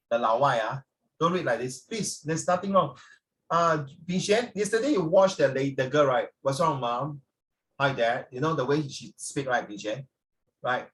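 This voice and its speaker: Animated teasing male teacher. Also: mid-range voice, far from the mic. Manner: animated, teasing, mixes in Mandarin phrases. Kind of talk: lively class coaching.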